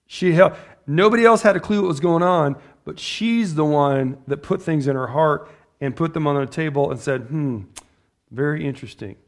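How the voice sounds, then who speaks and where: A man with a fairly high voice preaches in a loose, conversational way. He keeps asking his listeners questions and breaks into laughter as he makes his points. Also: normal speed. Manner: conversational, asks the audience questions and laughs often. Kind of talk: sermon.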